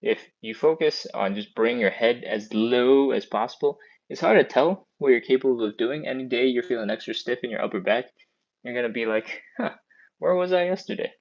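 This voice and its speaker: With the highs cut off, we hear a mid-range male voice guiding a live stretching session over an earbud mic. The instructor keeps up friendly, encouraging chatter, breathes a bit hard, and counts down at an unhurried pace.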